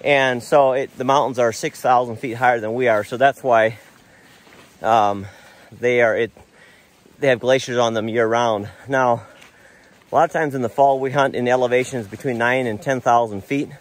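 Speaking at normal speed in a mid-range voice, a middle-aged American dad on a family hiking trip vlogs casually outdoors. He's slightly out of breath, rambling in a relaxed way about the trail up the mountain and admiring the scenery.

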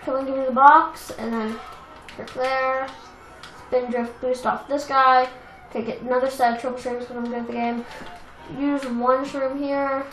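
A young woman casually commenting on a racing game she plays, chatty and self-deprecating, with excitable outbursts. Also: sits high, moderate pace. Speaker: let's play gamer. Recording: echoey room with game music.

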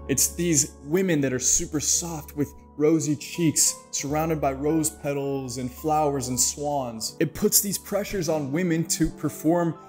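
A man's voice: fairly high pitch, measured pace, few pauses, darkish tone, faint music behind. A man narrating his own video essay in a playful, jokey way, with mock-dramatic asides.

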